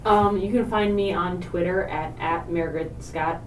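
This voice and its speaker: A woman's voice: on the low side, steady tone, moderate pace, roomy sound, distant mic, slight background noise, low-quality recording. A woman guest in a casual podcast chat, teasing and laughing.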